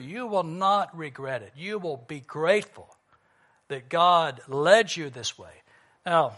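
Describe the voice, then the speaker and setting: A middle-aged man preaching a sermon, urging loudly and then dropping to a low hush as he tells a story. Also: expressive, slow pace. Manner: emphatic, swings from loud urging to low hushed storytelling.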